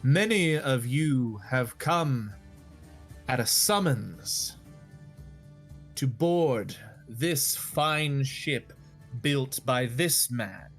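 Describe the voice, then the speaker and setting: A man voicing a stately older king who speaks in slow, formal proclamations. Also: medium pitch, expressive, faint music behind. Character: aging stately male king, guarded.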